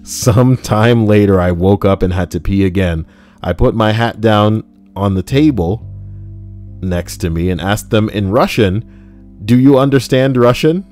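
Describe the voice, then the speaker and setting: A man's voice: fairly low pitch, a little slow, a little mellow. A man casually reading internet posts aloud and joking about them, with plenty of swearing and asides. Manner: jokey, swears, breaks into laughter and mock voices. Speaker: reddit story reader and streamer. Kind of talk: casual live reading with commentary. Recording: light guitar music underneath.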